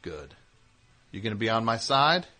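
A man with a lowish, very animated voice, bright and forceful in tone, hosts a call-in radio show. He teases callers and rambles through stories in a rapid back-and-forth, recorded as a radio broadcast.

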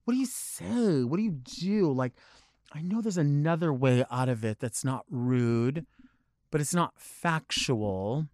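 A man, a drag performer, chatting casually on a podcast. He tells animated stories, acts out quotes and swears freely. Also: a little high, measured pace, no echo, clean studio sound.

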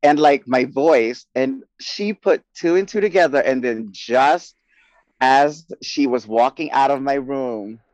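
A man co-hosting a casual talk show, expressive and quick to laugh while telling personal stories. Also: medium pitch, dry recording, poor audio. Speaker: podcast co-host. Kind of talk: casual chat.

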